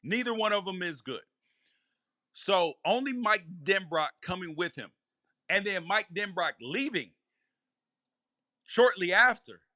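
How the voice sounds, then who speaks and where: A man's voice: high voice, pushed and bright, no room sound, studio quality. A man hosting a live college football podcast, a former player giving emphatic commentary and hammering his points home by repeating them. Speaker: podcast host.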